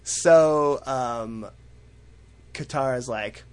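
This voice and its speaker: A man's voice: mid-range voice, drawn-out words, a little mellow. A man co-hosting a podcast, casually recapping an episode in a rambling way with frequent fillers and swearing. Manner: rambling, acts out characters, swears freely. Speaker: podcast co-host.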